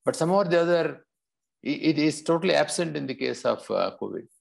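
Indian man explaining, fairly high voice. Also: animated, fast, gravelly. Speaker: panelist. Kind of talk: panel discussion.

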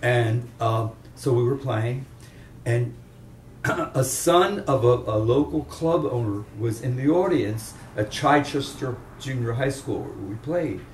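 A man's voice: medium pitch, slow, a little mellow, slight background noise. An older man from the Chester, Pennsylvania area, telling rambling anecdotes as a veteran guitarist in a casual interview. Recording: roomy room, distant mic, faint ambience.

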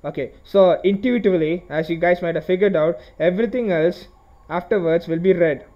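A man talks through a coding tutorial in a high voice. He explains one step at a time, says okay often and restarts his phrases. The recording sounds dull and lo-fi. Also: brisk. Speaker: programming tutorial host. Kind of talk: screen-recorded coding lesson.

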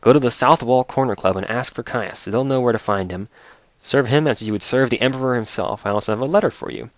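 A man's voice: medium pitch, quick pace, no room sound, natural voice. A man reading aloud the lines of a formal imperial captain who greets a freed prisoner in a video game.

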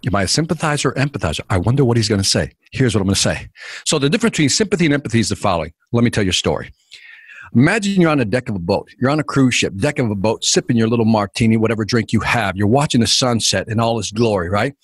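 A man telling sales stories in an interview, energetic and acting out quotes and scenes, with a husky voice. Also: medium pitch, fast, no room sound. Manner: energetic, acts out quotes and scenes, drops voice for dialogue. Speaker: sales speaker, interview guest. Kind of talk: animated storytelling in a podcast interview.

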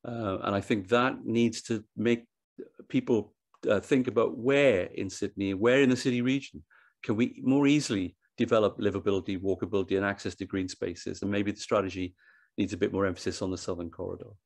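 At an online conference event, a man with a fairly low, steady voice works through his slides at a fairly quick pace. Thinking aloud, he restarts phrases and repeats words, and the recording is dry and close with almost no room echo.

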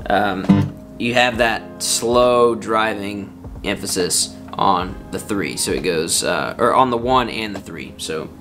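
Slow-talking man teaching guitar. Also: on the low side. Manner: casual, counts beats aloud, sings hymn lines over guitar. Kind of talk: relaxed guitar lesson with sung examples. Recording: loud acoustic guitar under the voice. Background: acoustic guitar playing.

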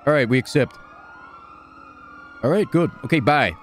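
A man's voice: medium pitch, slight background noise. A man playing a stoned, hyper male gambler and self-styled entrepreneur who rambles and repeats catchphrases in a game role-play. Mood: scheming. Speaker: role-player.

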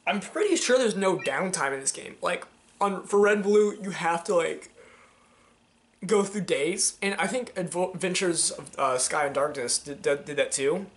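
Speaking at normal speed in a voice that sits high, this young let's play host from Georgia comments on his game through a headset mic. His talk is rambling, profane and loaded with fillers.

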